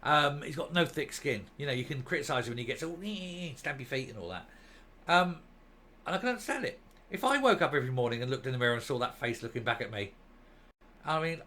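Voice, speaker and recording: A man's voice: medium pitch, sharp tone, a little hiss or hum. An older man hosting a ranting opinion monologue, scornful and mocking, rambling with fillers. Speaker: political commentary host.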